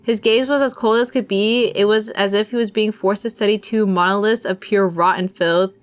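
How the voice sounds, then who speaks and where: A woman's voice: mid-range voice, steady tone, moderate pace, smooth. A young woman streamer reading a visual novel aloud, with casual, self-deprecating asides.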